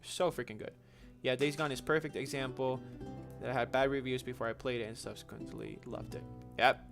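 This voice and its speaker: A man's voice: mid-range voice, a little fast, creaky, over music. A young man hosting a gaming livestream, casually answering viewer questions in a chatty, slangy way with frequent restarts.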